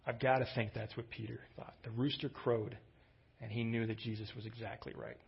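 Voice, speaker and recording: A man's voice: medium pitch, flat delivery, fairly quick, creaky, husky, lo-fi sound. A man preaching a sermon in a conversational, storytelling manner, with lifts in his voice for emphasis. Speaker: pastor.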